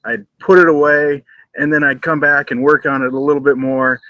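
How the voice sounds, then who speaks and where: A man's voice: a little high, little pitch movement, brisk, bright, forceful tone, dry recording, dull audio. A man in a casual chat, talking reflectively about creative work with lots of restarts.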